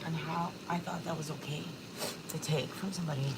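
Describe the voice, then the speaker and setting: A woman in her forties hosts a casual livestream from her home kitchen, speaking candidly and emotionally, swearing freely and near tears. Her voice is deep and gravelly, fairly quick and fairly even in intonation, with heavy background noise.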